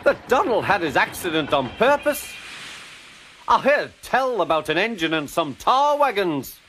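A cheeky engine with a high, lively voice, voiced by a man, teasing and sly. Slow delivery over music. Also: slight background noise, full character voice. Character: cheeky Scottish twin engine, male, teasing. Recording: music playing behind.

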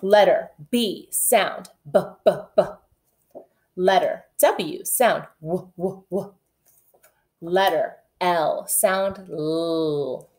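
Slow, low-voiced kindergarten teacher drilling sounds. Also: female voice, darkish tone. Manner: slow, deliberate sound drills, repeating each letter sound; encouraging, sing-song reading aloud with children. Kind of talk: remote phonics lesson for young children.

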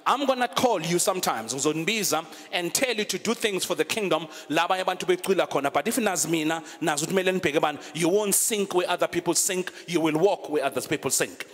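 A man's voice: fairly high pitch, quick pace, hardly any pauses, long reverb tail. A man preaching a sermon, switching between English and Zulu and reading scripture aloud. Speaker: pastor. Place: church.

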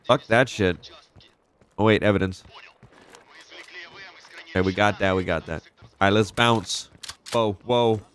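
A young man casually commenting as he plays a video game, excitable and profane, reacting out loud to the action. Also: on the low side, unhurried, pauses often. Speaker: gaming channel host. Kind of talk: casual let's-play commentary.

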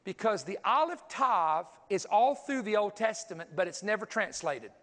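A man's voice: high voice, animated, normal speed, fairly bright tone. A man preaching a sermon, teaching energetically, counting aloud and pointing things out as he goes. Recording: long hall reverb.

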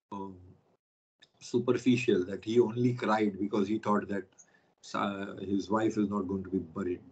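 Husky-voiced man teaching an online class. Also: on the low side, highs cut off. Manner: explains step by step, stops to check with students.

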